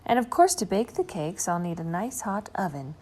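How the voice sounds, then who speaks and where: A woman's voice: mid-range voice, sing-song, a little mellow. A woman doing a cheerful, fond old granny. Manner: fond, brisk, calls the children her bonny darlings. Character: cheerful old Scottish granny with a magic bag.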